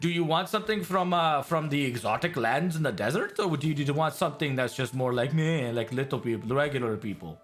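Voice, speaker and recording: A man voicing a short, pushy human clothing merchant who talks like a fast salesman and bristles at haggling. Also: medium pitch, expressive, lightly acted. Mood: salesy.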